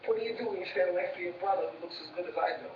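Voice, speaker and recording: A man's voice: high voice, very fast, highs cut off, a little hiss or hum. A man with a Brooklyn New York accent, teasing and wisecracking in casual banter with his brother as co-host. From New York inner city.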